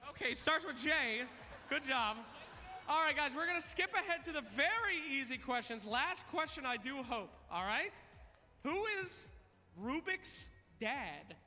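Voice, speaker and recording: High, bright man hosting a stage quiz. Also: sing-song, measured pace, soft background music. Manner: playful, teasing, counts down aloud. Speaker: stage host running a trivia contest. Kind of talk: live event hosting. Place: large event hall. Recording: long arena reverb.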